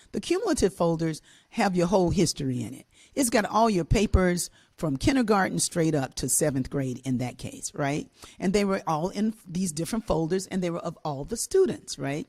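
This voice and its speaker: An older woman telling a childhood story on a talk show, animated and laughing, acting out the voices of the people in it. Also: lowish voice, fairly quick. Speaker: co-host and musician.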